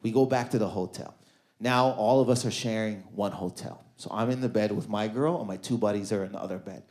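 A man's voice: on the low side, fairly quick. A man with a Canadian accent performing stand-up on a comedy club stage, telling stories and acting out the voices of the people in them. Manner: animated storytelling, acting out voices.

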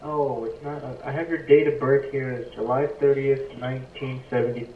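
A man working as an insurance agent on a sales call, speaking in a blunt, loud tone. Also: mid-range voice, flat delivery, moderate pace, a little hiss or hum. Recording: tinny phone line, far and echoey.

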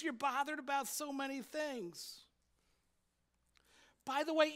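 Brief: male pastor with a high voice, preaching emphatically and posing rhetorical questions to the congregation in church. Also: pushed and bright. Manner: emphatic, repeats key points for effect. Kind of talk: sermon.

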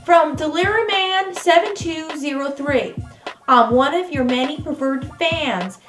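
Brash Southern US woman vlogger played by an actress, sassy and touchy, high voice, comedy sketch. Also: lively intonation, unhurried, a bit bright, roomy sound, soft background music. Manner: sassy and indignant, high-pitched outbursts. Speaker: vlogger answering comments.

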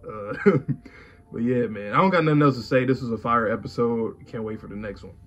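A man's voice: medium pitch, fairly quick, lo-fi sound. A man co-hosting an anime reaction show, talking in a loose, rambling way with lots of fillers. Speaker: co-host of an anime reaction channel. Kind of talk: casual chat.

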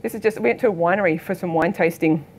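A middle-aged Australian woman, a photographer giving a keynote talk, telling anecdotes in a lively way and acting out the voices of people in her stories. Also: fairly low pitch, fast, slight background noise. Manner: lively storytelling, acts out quoted voices. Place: lecture hall.

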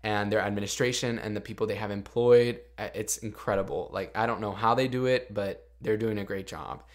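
A man's voice: lowish voice, fairly even intonation, brisk. Earnest young man telling a story. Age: young adult. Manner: earnest and confessional, heavy use of "like". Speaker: podcast host. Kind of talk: casual storytelling.

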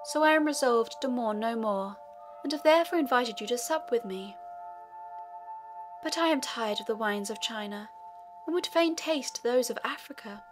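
A woman voicing a gentle, resolute young princess in a sorrowful, measured way. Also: a little high, animated, music in the background, lightly acted. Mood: composed.

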